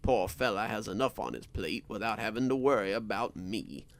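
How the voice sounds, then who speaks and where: A man's voice: lowish voice, expressive, moderate pace, creaky, no echo, pitched below the performer's own voice. A man voicing an older woman, a stubborn, self-reliant folk healer with a dry, matter-of-fact way of talking. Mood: wry.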